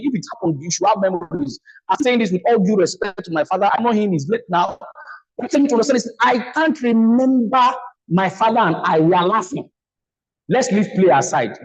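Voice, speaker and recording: A middle-aged Nigerian man with a fairly high voice speaks at a seminar on a video call. He tells personal stories in an earnest way and repeats phrases for emphasis. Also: low-quality recording. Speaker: speaker on trauma healing. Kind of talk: motivational seminar talk.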